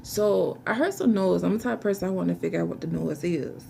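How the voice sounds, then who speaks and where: Young woman, low fry-heavy voice, emotional and halting, close to tears. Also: dark tone, a little hiss or hum. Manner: halting, searching for words, restarts. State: fighting back tears. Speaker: vlogger telling her life story. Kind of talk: emotional personal testimony.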